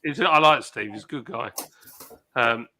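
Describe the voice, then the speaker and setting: A man's voice: medium pitch, a little slow, crowd noise. A man hosting a casual livestream chat, reading out viewer comments and bantering. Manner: chatty, banters and reads out chat messages. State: ill and isolating. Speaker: livestream host.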